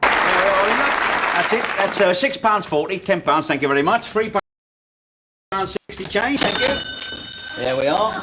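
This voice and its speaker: An actor playing a chatty, jovial shopkeeper in an old TV comedy sketch. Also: male voice, sits high, lively intonation, slow pace, pauses often, a loud crowd, heavy background noise. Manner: jovial, patient, laughing. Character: chatty cheerful male shopkeeper, middle-aged. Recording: old TV sitcom audio, studio audience laughter.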